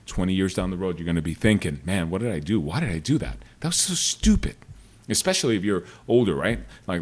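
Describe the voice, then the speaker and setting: A middle-aged man hosting a solo podcast, giving emphatic, repetitive advice in a casual, profane way. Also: sits low. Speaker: podcast host.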